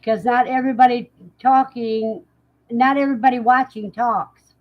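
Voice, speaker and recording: A woman's voice: on the high side, fairly even intonation, phone-quality sound. A woman hosting a livestream, casually reading out viewers' comments and answering them, laughing often. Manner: unhurried, chatty, laughs often. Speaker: livestream host.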